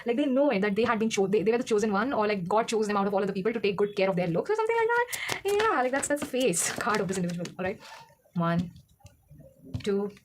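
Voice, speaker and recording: A woman's voice: medium pitch, sing-song, fast, noisy background. A woman doing a casual tarot reading, rambling and correcting herself as she goes, with frequent laughs. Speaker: tarot reader.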